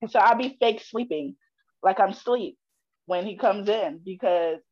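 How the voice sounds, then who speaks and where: A teenage girl on a family podcast, chatting casually and acting out her father's shouting. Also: mid-range voice, a little slow, lo-fi sound. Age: teens. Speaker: daughter guest. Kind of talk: casual chat.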